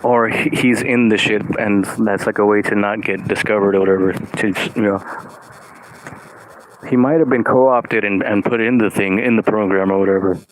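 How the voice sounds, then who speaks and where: A man's voice: on the low side, fairly even intonation, normal speed, slight background noise, rough recording. A man vlogging in a loose, meandering monologue, full of "like" and casual swearing.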